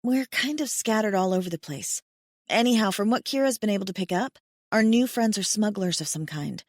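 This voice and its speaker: A woman's voice: mid-range voice, expressive, fairly quick, no room sound, studio quality, pitched above the performer's own voice, lightly acted. A woman reading the part of a blunt, wry young farm-raised woman in an audiobook, frank and darkly joking. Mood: matter-of-fact. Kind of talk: audiobook character voice.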